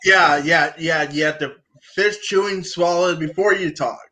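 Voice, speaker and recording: A man's voice: on the high side, normal speed, bright, forceful tone. A young man co-hosting a casual chat, often stumbling and repeating his words. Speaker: co-host.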